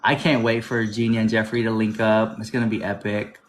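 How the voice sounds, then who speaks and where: A man's voice: on the low side, level tone, brisk, a little hiss or hum. A man hosting a casual live stream interview, chatty and asking leading questions. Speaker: livestream host.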